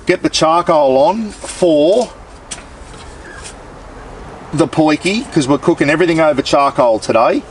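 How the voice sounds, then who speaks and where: An Australian cooking vlogger chats casually as he cooks outside in his backyard, relaxed and swearing a little. His voice sits fairly high, with slight noise in the background.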